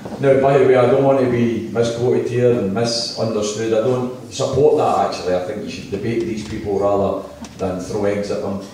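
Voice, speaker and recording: A man's voice: on the low side, fairly even intonation, a little fast, dark tone, recorded from a distance, slight background noise. Scottish guy in his middle years giving a fired-up rally speech, really echoey hall, mic way off. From Scotland. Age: middle-aged. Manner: impassioned, storytelling with jokes and asides. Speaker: political campaign speaker. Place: town hall.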